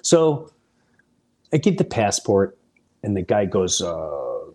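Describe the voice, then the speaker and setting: Husky man telling rambling stories. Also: deep voice, slow, pauses often. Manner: animated, rambling, digressive. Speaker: podcast host, comedian. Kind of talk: off-the-cuff storytelling.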